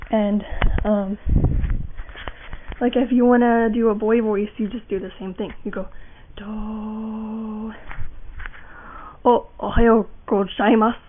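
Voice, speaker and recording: A young woman giving a casual voice acting how-to, rambling with fillers and restarts. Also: fairly high pitch. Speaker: voice acting tutorial maker. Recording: tinny lo-fi home mic.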